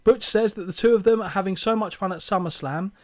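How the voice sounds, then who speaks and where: A man's voice: sits high, quick pace, dry recording. A man hosting a podcast, recapping with wry, sarcastic jokes. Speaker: podcast host. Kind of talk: comedic recap podcast chat.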